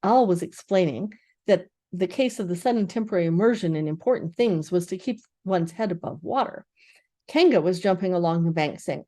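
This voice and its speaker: A woman's voice: on the low side, brisk. Grandmother reading a storybook aloud. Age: older. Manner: expressive, lively storytelling. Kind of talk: reading a children's book aloud.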